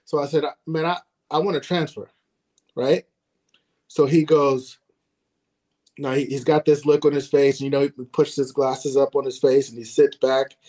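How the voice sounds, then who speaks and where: A relaxed middle-aged man telling stories in a chatty podcast. He laughs often and acts out the people he quotes. His voice sits at an everyday middle pitch. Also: moderate pace. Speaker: podcast co-host, former ballplayer. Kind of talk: casual storytelling chat.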